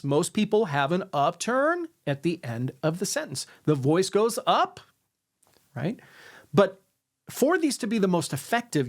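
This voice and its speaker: Talking to camera, a man instructs viewers on sales influence techniques. He demonstrates intonation, regularly ending sentences with "right?" and on a downward note.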